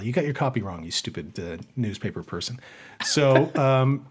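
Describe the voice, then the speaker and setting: A man in a relaxed podcast chat with a middle-pitched voice. He talks in an animated way and is quick to riff and joke. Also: breathy edge. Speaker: podcast co-host. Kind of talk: casual chat.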